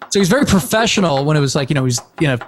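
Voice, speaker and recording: A rambling male podcast host with a slightly high voice, chatting casually and laughing as he tells family stories. He jumps into the voices of the people in his anecdotes. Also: animated, racing. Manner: rambling storyteller, laughs often, acts out quotes.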